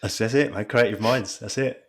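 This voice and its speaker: A man's voice: on the low side, normal speed, slightly rough. A man co-hosting a podcast, chatty and eager, laughing often. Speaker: podcast co-host. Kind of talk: casual chat.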